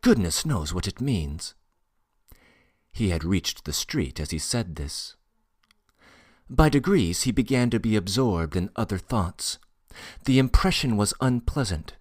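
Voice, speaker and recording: A man narrating a classic novel with a lowish voice and an expressive, rising-and-falling delivery. He reads slowly and deliberately into a close mic. The recording is dry, with no room sound. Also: no echo. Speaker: audiobook narrator. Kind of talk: scripted narration.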